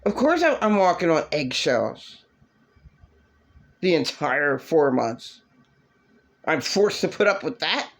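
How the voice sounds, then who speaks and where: A woman ranting angrily about her past, bitter and swearing, now and then mocking others in a shrill voice. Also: big pitch swings, slow pace, pauses often. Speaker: vlogger. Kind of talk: angry personal rant.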